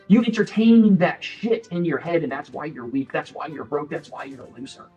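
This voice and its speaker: Blunt, profane man with a high voice. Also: expressive, normal speed, hardly any pauses, warm tone, dull audio, faint music behind. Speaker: motivational speaker. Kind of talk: motivational monologue.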